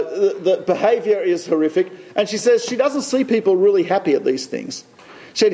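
Lay teacher, man with a high voice, anecdotal talk, repeats himself for emphasis. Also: a little mellow. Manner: storytelling, repeats phrases for emphasis.

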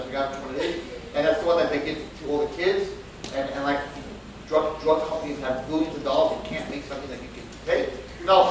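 Man, high voice, animated storytelling sermon, distant mic, echoey hall, background noise. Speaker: religious teacher.

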